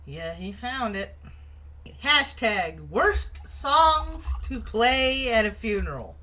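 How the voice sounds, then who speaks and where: A chatty middle-aged woman co-hosting a casual talk show, with a bright, forceful voice that sits a little high. She laughs easily as she talks. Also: big pitch swings, slow. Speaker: co-host. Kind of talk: casual news and chat show.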